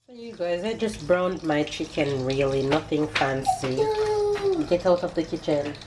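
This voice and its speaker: Low-voiced Jamaican woman vlogging. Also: unhurried, very noisy. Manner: chatty, animated, loud cheering bursts. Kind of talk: casual vlog talk to camera.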